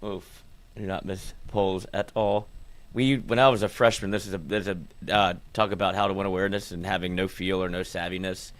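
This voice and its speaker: A man's voice: low-pitched, fairly quick. A man hosting a casual sports podcast, telling locker-room stories with plenty of swearing. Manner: swearing, animated storyteller.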